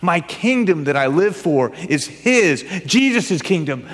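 A middle-aged man with a high voice delivers an animated, emphatic sermon, mixing earnest points with humor. His voice rings with a long reverb from the hall around him. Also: unhurried, few pauses. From United States. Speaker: pastor.

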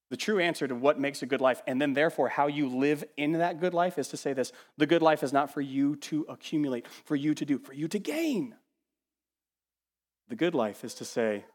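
A man preaches a sermon in a slightly high voice. He is animated and emphatic, repeats words to build his points, and drops to quiet asides. His voice carries a long reverb, like a big church hall. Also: normal speed. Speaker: pastor.

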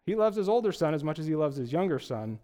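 A young male pastor preaching in a relaxed, conversational style, throwing out rhetorical questions as he goes. His voice sits high for a man and moves through a wide, lively range. He mixes casual asides with scripture. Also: quick pace. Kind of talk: sermon.

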